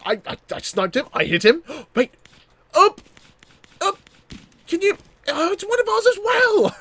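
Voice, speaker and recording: High-pitched excitable young man gaming. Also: normal speed. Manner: excitable, jokey, stammering restarts. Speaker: gaming YouTuber. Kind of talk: casual gameplay commentary.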